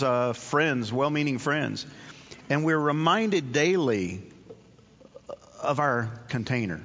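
A man delivers a sermon in an earnest, conversational way, doubling back on his key phrases. His voice sits at an ordinary middle pitch. The recording is muffled and rings with long reverb from a large church. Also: fairly bright tone. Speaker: pastor. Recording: dull audio with long hall reverb.

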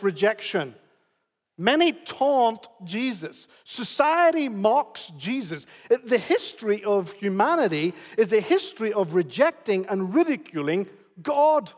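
High-voiced preacher in a reverberant hall. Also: male voice, very animated, unhurried. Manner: emphatic, repeating phrases. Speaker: pastor. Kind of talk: sermon.

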